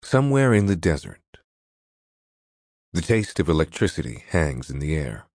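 A man with a very low voice reads an audiobook in a measured, descriptive way. The recording is dry and close, with no room sound. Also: sing-song, darkish tone, no room sound. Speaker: narrator. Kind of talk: audiobook narration.

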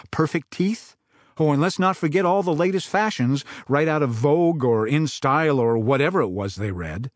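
Man, author narrating audiobook, dramatic, lively pitch, dry studio sound. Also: dry recording. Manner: expressive, dramatic storytelling. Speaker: author reading his own book.

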